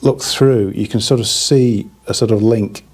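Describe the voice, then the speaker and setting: Chatty hi-fi dealer, husky and mellow, breathless, rambling. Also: male voice, fairly low pitch, steady tone, a little slow. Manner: rambling, chatty, many restarts. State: slightly out of breath. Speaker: hi-fi dealer reviewing products. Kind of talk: casual product review.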